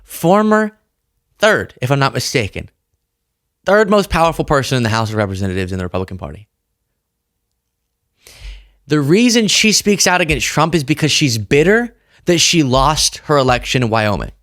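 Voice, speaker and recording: A man's voice: medium pitch, sing-song, normal speed, long pauses, fairly bright tone, no room sound, studio quality. A man hosting a political commentary show, talking casually with a sarcastic, mocking edge.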